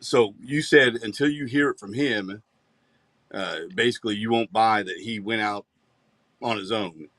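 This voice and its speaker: A man hosting a podcast, asking relaxed, probing questions in a casual chat. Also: on the low side, a little slow, dry recording. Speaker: podcast host.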